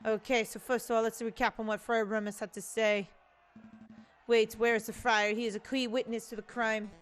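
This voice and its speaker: A woman's voice: fairly high pitch, little pitch movement, moderate pace, soft background music, close to an everyday voice. Earnest falcon defense lawyer; woman voicing.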